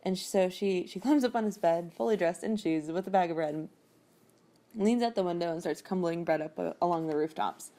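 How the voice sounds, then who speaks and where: Brief: chatty woman podcast host, rambling recap, low and mellow. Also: a little fast. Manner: chatty, rambling, with frequent fillers and laughs. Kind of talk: casual chat.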